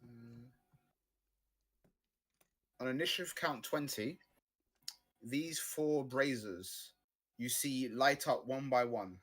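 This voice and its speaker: A man at a middle pitch runs a tabletop game session. He describes the action in an easygoing, improvised way. He speaks into a close desk mic for a livestream. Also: slow, long pauses, a bit bright. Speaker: game master.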